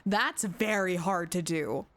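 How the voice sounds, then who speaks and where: A woman's voice: on the low side, slow pace, a bit bright. A young woman streaming a game live, bubbly and laughing a lot as she reacts and reads dialogue aloud.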